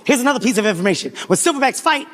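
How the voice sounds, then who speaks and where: A man in his forties telling a profane stand-up story on a live stage, animated and often shouting. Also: very high-pitched, rapid-fire. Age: 40s. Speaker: stand-up comedian. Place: live comedy stage before a crowd.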